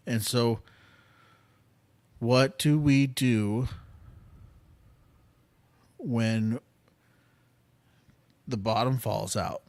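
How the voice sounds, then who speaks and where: A man's voice: medium pitch, fairly even intonation, darkish tone, no room sound. A man hosting a podcast, giving an earnest devotional talk with casual fillers that builds to impassioned pleading. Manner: slow, earnest, rising to impassioned intensity; conversational with fillers and restarts. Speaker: podcast host.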